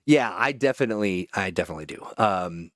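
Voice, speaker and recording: A man's voice: low voice, animated, quick pace, no room sound. A man hosting a casual live stream between voice-over takes, joking and poking fun at himself with many fillers, into a studio microphone. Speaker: host and voice-over artist.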